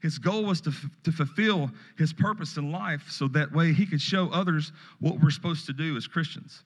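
A middle-aged pastor with a slightly high voice preaches at an ordinary pace, keeping the sermon folksy and conversational and slipping in story asides. A long hall reverb trails his words.

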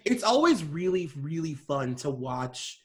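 A woman's voice: low voice, sing-song, a little slow, darkish tone. A young woman co-hosting a podcast in casual chat, laughing a lot and swearing. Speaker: podcast co-host.

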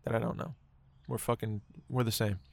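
A man's voice: on the low side, level tone, fast talker, creaky, no echo. A man telling a moving personal story in casual conversation, swearing often and filling his talk with "like" and "right". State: choked up.

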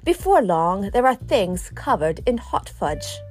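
A woman's voice: medium pitch, big pitch swings, measured pace, a little mellow, soft background music. A middle-aged woman talking playfully and teasing herself in a personal vlog, chatting straight to her viewers. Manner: playful, self-mocking, talks straight to viewers. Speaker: vlogger.

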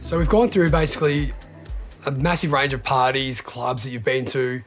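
A man's voice: mid-range voice, fairly even intonation, moderate pace, music in the background. A man hosting a podcast, easygoing, asking questions and agreeing often in short replies. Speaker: podcast host. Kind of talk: casual interview chat.

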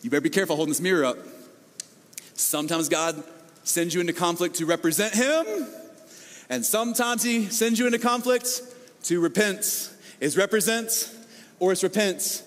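Animated high-voiced preaching pastor, hall reverb. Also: male voice, normal speed. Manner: animated preaching, acting out quoted voices, repeats words. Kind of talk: sermon. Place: church hall.

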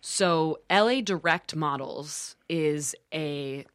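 A podcast host in casual chat, recounting a news story with many pauses and fillers. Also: mid-range voice, fairly bright tone, no room sound.

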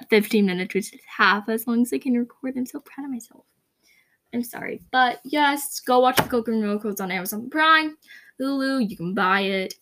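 A woman's voice: medium pitch, a bit bright. A young woman hosting her first podcast, rambling and self-conscious, with a faint hiss in the background. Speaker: podcast host. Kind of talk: casual podcast outro.

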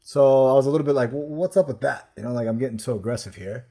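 A man co-hosting a casual podcast, telling animated stories, acting out conversations and laughing often while recovering from a stroke. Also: medium pitch, fast talker. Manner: animated storyteller, acts out quoted exchanges, laughs often. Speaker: podcast co-host. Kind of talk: casual chat.

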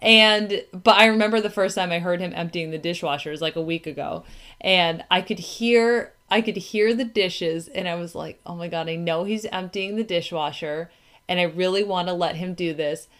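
A woman's voice: fairly low pitch, moderate pace, a bit bright. A woman in her thirties chatting casually as a podcast co-host, filling her talk with "like" and acted-out quotes. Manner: chatty, lots of "like" and quoted asides. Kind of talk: casual chat.

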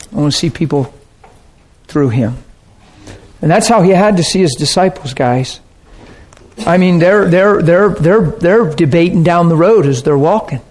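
A man preaches a sermon in an earnest, conversational way, often checking that his listeners are following along. His voice has a fairly high pitch and a darkish tone.

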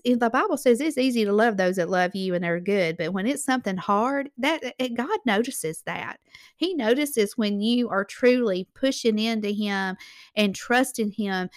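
Woman preacher, earnest and encouraging, devotional sermon, mid-pitched voice, dry close sound. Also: dry recording. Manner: earnest, encouraging, quotes scripture. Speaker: Christian ministry host.

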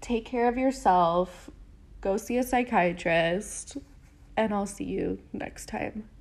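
A woman's voice: mid-range voice, takes it slowly, darkish tone. A woman podcast host reading a book aloud in a chatty, giggly way and adding casual comments. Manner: giggly, chatty, lots of fillers.

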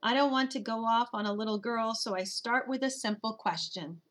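A woman giving expressive, steady first-person narration of a children's storybook. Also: fairly high pitch, moderate pace. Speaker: audiobook narrator.

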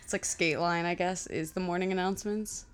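A woman hosting a casual podcast, chatty and quick to laugh, often trailing off mid-sentence. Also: on the low side, steady tone, clear, resonant tone. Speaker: podcast host. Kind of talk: casual chat. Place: apartment with windows open.

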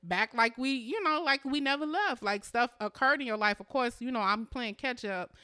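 A woman's voice: a little high, animated, moderate pace, pushed and bright, smooth. A woman in her thirties co-hosting a podcast, chatting candidly and swearing freely, often mocking herself. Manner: candid, profane, self-mocking. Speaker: podcast co-host. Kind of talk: casual chat.

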